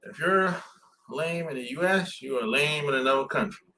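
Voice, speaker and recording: A man's voice: a little high, moderate pace, pushed and bright. A man in casual podcast chat, blunt and slangy, laughing often as he talks. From southern United States. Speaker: podcast host.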